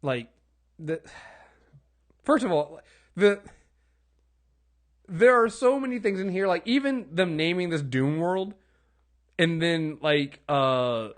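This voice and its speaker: A man co-hosting a casual TV recap podcast, rambling and animated, swearing freely and acting out characters' lines. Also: on the high side, slow, pauses often. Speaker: podcast co-host.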